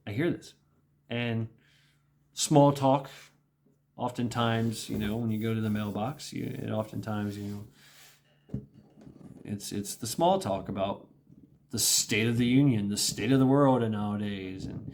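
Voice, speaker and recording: A man's voice: on the low side, lively intonation, a little slow, long pauses, darkish tone. A middle-aged man talking through a casual monologue vlog, rambling and repeating himself, with small laughs. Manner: rambling, repetitive, with laughs and mimicked quotes. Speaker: vlogger.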